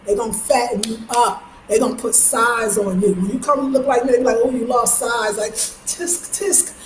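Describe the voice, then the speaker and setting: A woman from New York, chatting casually in a vlog, slangy and animated, breaking into high mimicking voices. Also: a little fast, over music. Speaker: vlogger. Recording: echoey space with faint ambient noise.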